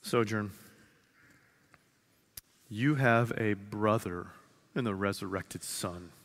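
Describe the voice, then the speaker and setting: A man in his thirties preaching a sermon to his congregation, earnest, repeating phrases slowly for emphasis and dropping from loud to hushed. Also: lowish voice. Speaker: pastor. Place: large church sanctuary. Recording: long reverb of a large hall.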